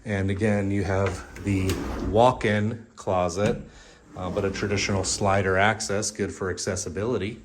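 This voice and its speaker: A man's voice: low-pitched, flat delivery, a little hiss or hum. A man giving a casual walkthrough of a home while carrying the camera, chatty and joking, slightly out of breath from walking. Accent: Texan. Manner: chatty and jokey, points things out in quick lists. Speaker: real estate agent giving a home tour. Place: inside a house and its backyard. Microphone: handheld camera he is carrying.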